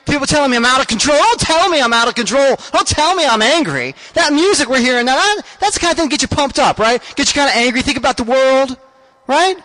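A man's voice: very high voice, animated, fast, bright, forceful tone, rough recording. A man hosting a show, delivering an emphatic, repetitive political rant to his listeners. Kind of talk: ranting political monologue.

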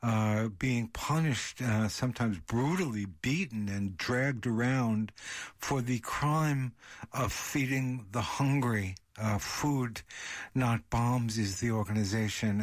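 A male radio host introducing his guest, speaking haltingly with many filler sounds. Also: mid-range voice, no room sound, studio quality.

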